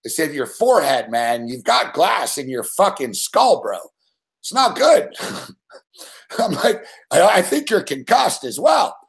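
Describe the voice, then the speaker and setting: A man's voice: on the high side, very animated, slow, creaky. A man hosting a live sports betting show, telling a rambling story full of swearing and laughing at himself.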